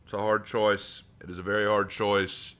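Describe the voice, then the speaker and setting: A man's voice: on the low side, normal speed, clean tone. A young man live-streaming, reading chat aloud and answering with joking, rambling banter. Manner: animated, joking, rambling with frequent repeats.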